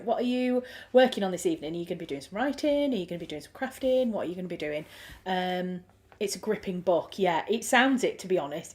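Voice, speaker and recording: A woman from Yorkshire, England hosts a relaxed livestream, reading viewer comments and chatting in an easy, friendly way with her Yorkshire accent. Her voice is medium-pitched, and she thinks aloud, restarting sentences and filling pauses with ums.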